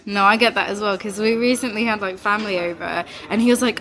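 A woman's voice: medium pitch, fairly even intonation, quick pace, hardly any pauses, fairly bright tone. A young woman, a guest chatting casually on a podcast, laughing often and acting out quoted voices. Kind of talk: casual conversation.

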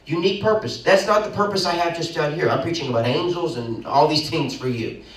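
A young man, the pastor, preaching an animated sermon with sudden loud bursts and quick asides, recorded in a church. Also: fairly high pitch. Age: young adult. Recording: roomy echo, mic at a distance.

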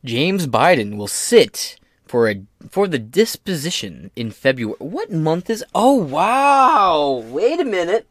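Male podcast host, lively and high-ish, crude joking commentary, dry close sound. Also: slow, no echo. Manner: rambling, profane, joking asides. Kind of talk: casual political podcast commentary.

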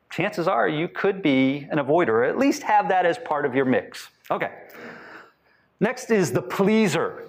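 Man speaking to a crowd, slightly raised pitch, conversational, asks questions, acts out quotes. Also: lively intonation, moderate pace. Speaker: speaker teaching on attachment styles. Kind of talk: talk to a live audience.

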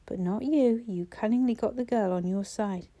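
A woman's voice: medium pitch, moderate pace, dark tone, lightly acted. A woman voicing a wry, teasing female teacher.

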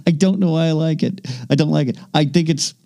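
A man's voice: on the high side, steady tone, a little fast, mellow. A middle-aged man co-hosting a podcast in casual comedic chat, jokey and trailing into restarts. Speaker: podcast co-host.

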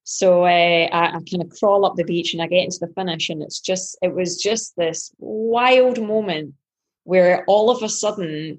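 Casting: lower-pitched husky woman, pro athlete guest, animated storyteller who replays her own thoughts. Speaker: professional triathlete guest. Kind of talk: podcast interview storytelling.

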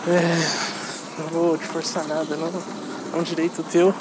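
A man's voice: on the high side, monotone, a little fast. Laid-back Brazilian man, noisy background. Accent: Brazilian Portuguese. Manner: laid-back, rambling, profane teasing. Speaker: channel host. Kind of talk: casual outro to viewers.

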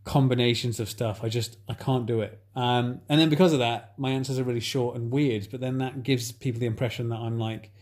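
A man in casual chat, talking in a flat, hesitant, self-reflective way with many pauses and fillers. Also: medium pitch.

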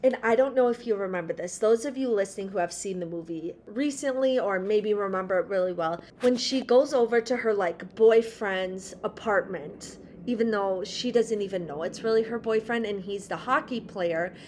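A woman's voice: medium pitch, normal speed, few pauses, darkish tone. A young woman co-hosting a chatty podcast, gushing and laughing often as she talks. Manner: bubbly, gushing, laughs often, many "like" fillers. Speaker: podcast co-host. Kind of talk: casual chat.

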